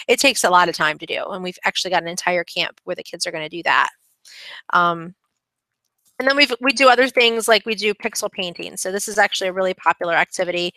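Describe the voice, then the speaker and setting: A woman's voice: medium pitch, pushed and bright, clean tone, no room sound. A woman hosting her own channel, giving a casual, chatty update with lots of fillers and restarts. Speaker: web design channel host. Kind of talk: casual screen-share update.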